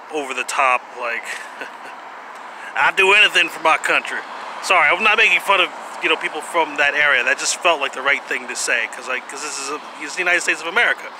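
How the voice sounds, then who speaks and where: Halting man talking over street noise. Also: medium pitch. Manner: halting, full of "uh" pauses and asides. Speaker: vlogger presenting jutsu. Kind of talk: rambling casual monologue.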